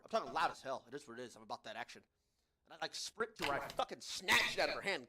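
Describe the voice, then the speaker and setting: A young man tells a rambling, profane story about a bad day, exasperated and animated, tossing in "bro" every few lines. His voice sits fairly high for a man. The room around him rings with a noticeable echo. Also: fast, very noisy. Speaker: podcast host. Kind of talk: casual storytelling rant.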